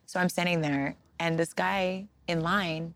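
A woman guest chatting in an interview, telling stories in a lively, animated way. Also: on the low side, measured pace, no room sound. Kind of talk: casual interview chat.

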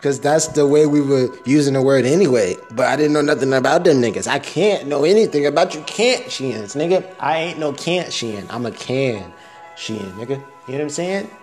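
A man's voice: a little high, animated, brisk, few pauses, a little mellow, faint music behind. A young man rambling through a casual, profane audio diary, laughing at his own jokes.

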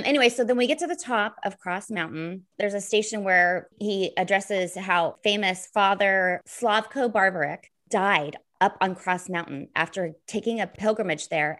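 A woman's voice: on the low side, fairly bright tone. A woman telling a long, earnest story of a pilgrimage in casual chat, rambling with many fillers.

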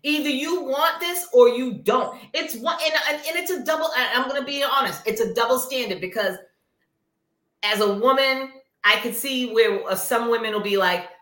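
A woman's voice: on the high side, normal speed, a bit bright, roomy sound. A woman co-hosting a podcast who recaps a reality show in casual chat, blunt and emphatic and swearing freely. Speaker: podcast co-host.

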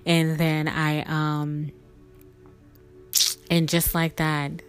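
A woman's voice: sits low, completely flat delivery, extremely slow, clean tone, soft background music. A young woman hosting a podcast, telling a spiritual story in a chatty, emotional way with laughs and fillers. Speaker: podcast host.

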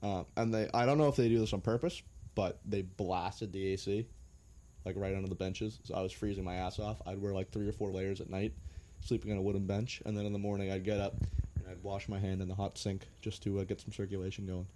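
A man's voice: low voice, level tone, a little fast, mellow. A young American man telling travel stories in a laid-back, joking way, with some swearing. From United States. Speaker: guest. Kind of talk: casual storytelling.

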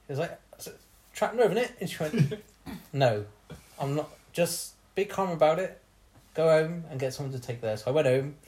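A man's voice: a little high, normal speed, darkish tone. A young man telling a bawdy story on a casual podcast, laughing often as he acts out what people said.

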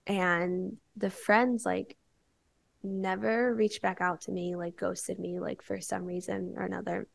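A woman's voice: on the low side, steady tone, a little slow, vocal fry. A young woman, a podcast guest, telling a candid personal story in casual chat, filling her talk with "like". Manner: candid storytelling, many filler "like"s.

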